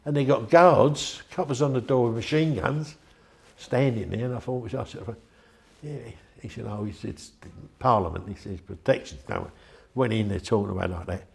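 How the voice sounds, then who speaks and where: A man's voice: mid-range voice, moderate pace, vocal fry, darkish tone. An older man, chatty and rambling as he tells anecdotes in an interview. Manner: rambling, chatty, with frequent restarts. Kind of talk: anecdotal storytelling.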